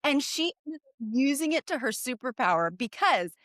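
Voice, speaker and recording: A woman in her forties co-hosts with playful, animated energy. Her high voice swoops widely up and down, and the sound is close and dry. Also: moderate pace, no echo. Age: 40s. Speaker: podcast co-host. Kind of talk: casual interview chat.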